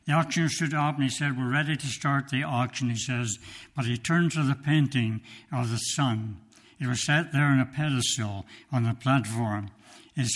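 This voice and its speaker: A male preacher telling a story in a sermon, slow and emphatic, with dramatic pauses, reading from his notes. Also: mid-range voice, fairly bright tone. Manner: reads from notes.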